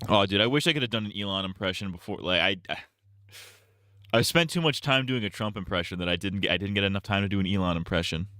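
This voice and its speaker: A man's voice: fairly low pitch, quick pace, pushed and bright, dry recording, clean studio sound. A man streaming, chatting casually and reacting to videos, rambling and swearing with a lot of laughter, at a desk mic at home.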